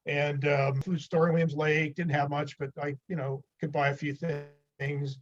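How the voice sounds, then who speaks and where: A man's voice: on the high side, level tone, normal speed, lo-fi sound, a little hiss or hum. An older man from the United States, a podcast guest, telling rambling anecdotes with chuckles in a casual interview.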